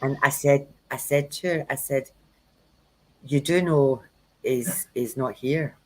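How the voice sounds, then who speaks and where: A woman's voice: extremely low pitch, slow pace, rough recording. Woman telling frank tarot stories. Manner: frank, anecdotal storytelling with acted-out quotes. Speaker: tarot reader and workshop host. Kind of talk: casual livestream chat.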